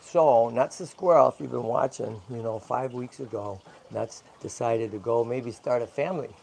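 Gravelly man chatting on a livestream. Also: mid-range voice, normal speed, slight background noise. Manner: chatty, keeps asking "right?" and "okay?"; coos softly to the animal. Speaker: channel host and tortoise rescuer. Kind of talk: casual livestream chat while handling a baby squirrel.

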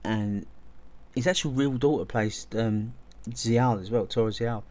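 A man with a warm, mid-range voice hosts a video essay, speaking a little slowly. His commentary is casual and enthusiastic, and he often restarts and repeats words as he goes.

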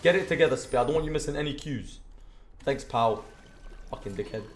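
A young British man streaming a game, commentating live with profane trash talk and sudden shouts. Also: medium pitch, lively intonation, brisk. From Britain. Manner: trash-talking, profane, erupts into shouts and sing-song bits. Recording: roomy with faint background hiss.

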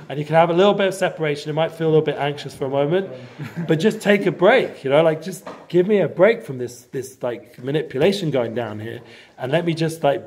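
A man giving a casual inspirational talk to a group, rambling with many fillers and breaking into sudden loud bursts. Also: mid-range voice. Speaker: guest speaker.

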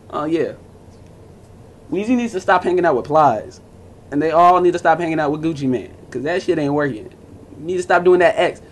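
A man's voice: sits high, slight background noise. A young man vlogging to camera in a casual, profane rant, blunt and mocking as he talks over music and forum posts.

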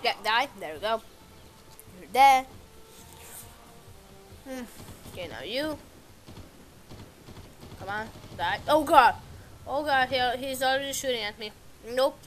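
Brief: excitable woman doing gameplay commentary, slightly high voice, unhurried delivery. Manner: excitable, talks to and taunts enemies; frequent exclamations and repeated words. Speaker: gameplay video maker. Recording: music playing loud behind voice. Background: background music and game sounds.

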